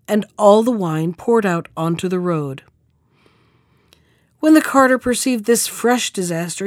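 A woman hosting a podcast, reading a fairy tale aloud in a measured, clear way. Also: mid-range voice, a little mellow, no echo, clean studio sound. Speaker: podcast storyteller.

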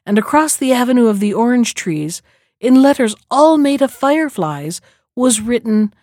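A woman reads a fairy tale aloud in a calm, measured storybook manner. Her voice sits a little high, and the sound is dry and close with no room around it. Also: no echo.

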